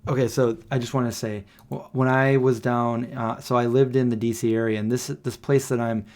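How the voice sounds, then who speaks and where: A man's voice: medium pitch, little pitch movement, moderate pace, a little mellow. A man hosting a casual late-night live stream at home, rambling and stopping to search for names he can't remember. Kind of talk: casual chat. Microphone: desk microphone.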